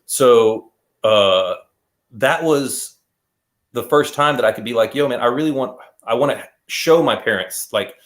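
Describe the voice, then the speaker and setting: A man talks in a loose, easygoing way as an interview guest. His pitch sits in the middle range. He rambles and keeps circling back with casual fillers. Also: a little slow. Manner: rambling, laid-back, heavy use of "like" and "man". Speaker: guest magician.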